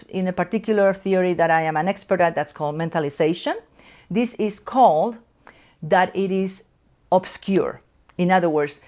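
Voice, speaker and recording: A middle-aged woman from Spain with a Spanish accent, a psychoanalyst explaining concepts to camera from a chair in her office in a measured way. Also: mid-range voice. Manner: measured, explanatory, slows to stress key terms. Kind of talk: educational talk to camera.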